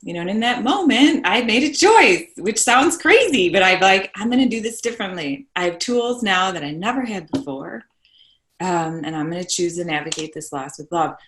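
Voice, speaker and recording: A woman's voice: mid-range voice, animated, moderate pace, a bit bright. A woman guest on a podcast, telling a painful personal story earnestly and checking in with "right?". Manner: earnest, tags points with "right?". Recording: roomy echo.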